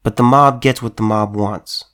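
With a lowish, clean, somewhat bright voice and fairly even intonation, a man speaking at normal speed gives a heated political commentary. He hammers his points emphatically, repeating and restarting phrases as he goes.

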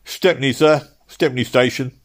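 A man voicing a flustered cab driver who pleads and splutters loudly. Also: mid-range voice, sing-song, normal speed, creaky, voice pushed up. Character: flustered cockney cab driver, male, middle-aged.

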